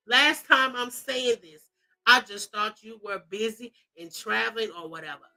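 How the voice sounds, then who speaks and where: A woman's voice: a little high, normal speed, poor audio. A woman hosting a gossip commentary show, reading celebrity posts aloud and reacting with sass, mock cries and drawled asides. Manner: animated, sassy, mock-crying, drawling asides. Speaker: commentary host.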